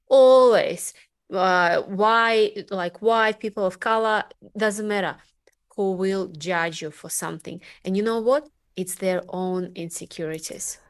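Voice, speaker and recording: A woman with a Russian accent hosting a podcast interview, speaking haltingly with many fillers. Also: fairly low pitch. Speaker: podcast host. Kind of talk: casual interview chat.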